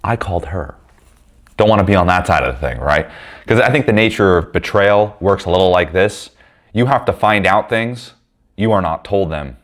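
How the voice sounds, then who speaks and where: A man's voice: low voice, expressive, normal speed. A man leading a men's group, telling a personal story in a blunt, heated, profane way.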